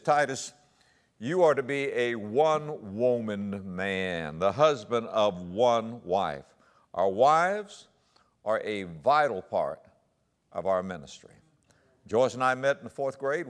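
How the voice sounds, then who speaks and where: A man preaching a sermon to fellow pastors, telling stories with jokes and booming emphasis. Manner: animated storyteller with jokes. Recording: long hall reverb.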